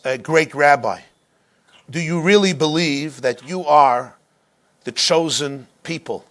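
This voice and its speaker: A man's voice: medium pitch, a bit bright. A man voicing a sneering, cruel male military officer who taunts mockingly and builds to rage.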